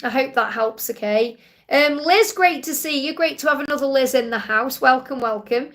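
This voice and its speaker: A woman's voice: high-pitched, moderate pace, a bit bright. A woman hosting a live card-reading Q&A, chatty and soothing, often checking in with "okay?". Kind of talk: live-stream tarot reading.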